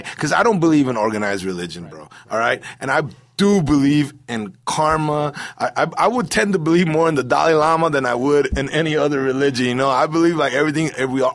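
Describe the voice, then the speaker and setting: A male comedian chatting as an interview guest, telling animated stories and dropping "man" and "bro" constantly. His voice sits a little high for a man. The recording is dry and close, with no room echo. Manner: animated storyteller who keeps saying "man" and "bro". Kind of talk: casual interview chat.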